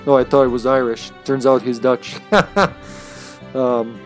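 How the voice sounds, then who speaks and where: Male game streamer, average pitch, casual rambling chat with frequent chuckles. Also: fairly even intonation, a little slow, faint music behind. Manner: rambling, chuckles often between thoughts. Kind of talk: casual live-stream chat while playing.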